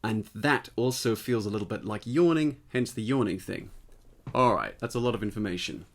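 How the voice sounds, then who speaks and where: A man giving a casual spoken singing lesson, explaining step by step and checking in with the listener, his voice tired and slightly husky. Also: on the low side, moderate pace. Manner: explanatory, conversational, often checks in with "right?". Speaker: voice teacher.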